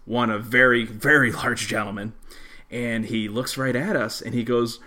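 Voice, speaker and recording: A man co-hosting a casual podcast, telling dry, deadpan work stories and ranting about small talk. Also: mid-range voice, normal speed. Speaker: podcast co-host. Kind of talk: casual storytelling.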